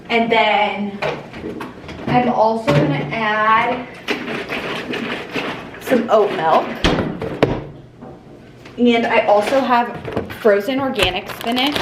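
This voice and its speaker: A young woman chats through her morning in a home kitchen, rambling and hedging with lots of fillers. The recording has a clear layer of background noise. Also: medium pitch. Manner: chatty, rambling, filler-heavy. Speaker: vlogger. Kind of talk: casual kitchen vlog chat.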